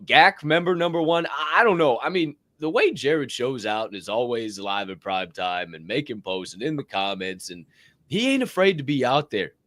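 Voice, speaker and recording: A man hosting a podcast, giving energetic shout-outs in casual chat, swearing freely and whooping. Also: mid-range voice, normal speed, no room sound. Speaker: podcast host.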